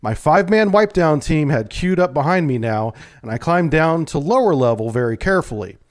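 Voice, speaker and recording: A man, a navy submarine veteran, telling a first-person true story in a calm, measured way. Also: a little high.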